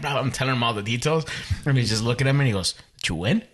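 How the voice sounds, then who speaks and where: A man's voice: medium pitch, very fast, a bit bright. A man co-hosting a podcast in joking, profane banter. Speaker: podcast host. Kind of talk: casual chat.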